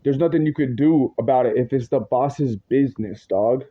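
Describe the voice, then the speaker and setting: A man's voice: mid-range voice, normal speed. A man ranting agitatedly in a rambling, profane monologue full of slang, his words tumbling into restarts. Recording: dull lo-fi audio.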